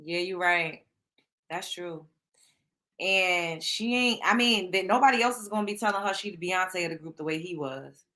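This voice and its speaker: A woman's voice: on the low side, moderate pace, bright, forceful tone. A woman hosting a casual gossip show, talking bluntly and with plenty of profanity straight to her listeners. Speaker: show host.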